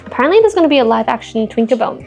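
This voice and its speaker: A high-voiced woman chats through a home cooking vlog. She mutters the steps to herself and pokes fun at her own mistakes. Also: expressive, very fast, gravelly, loud music behind the voice. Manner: chatty, self-mocking, talks to herself while cooking. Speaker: vlogger. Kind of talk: casual cooking vlog chat.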